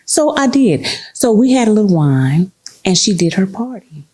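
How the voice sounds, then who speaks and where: A woman's voice: mid-range voice, normal speed, breathy edge. A woman telling a story in casual chat, acting out the voices of the people in it. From United States. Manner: animated, acts out the voices in her story. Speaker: guest.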